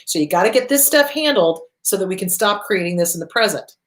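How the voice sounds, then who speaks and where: A therapist and show host talks fast to camera in an expressive, mid-range voice with a slightly bright tone. Her advice comes bluntly and profanely, each point pounded home by repeating it with emphasis.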